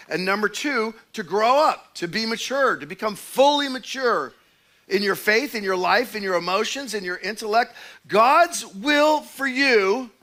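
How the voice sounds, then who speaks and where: High, bright-voiced man preaching. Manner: animated storytelling with acted quotes. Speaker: pastor. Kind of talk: sermon.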